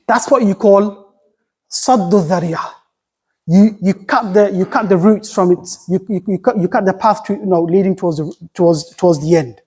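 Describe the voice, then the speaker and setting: A man giving a Friday sermon, preaching with passion and repeating key phrases, sometimes reciting Arabic quickly. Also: high-pitched, darkish tone, breathy edge. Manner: impassioned, repetitive preaching with rising emphasis.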